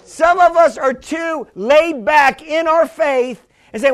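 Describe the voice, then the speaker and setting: A strikingly high-voiced man preaches slowly with few pauses, rising fervently into shouts and falling back to a conversational register. He often starts over and calls out to the congregation.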